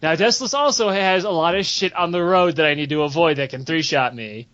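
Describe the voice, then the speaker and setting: A young man spins comic, profane stories in a high, lively voice, leaping up for the punchlines. It's a casual podcast with dull, lo-fi audio. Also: fairly quick. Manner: animated, profane, acts out quotes with big pitch jumps. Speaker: storyteller on a podcast. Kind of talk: casual comedic storytelling.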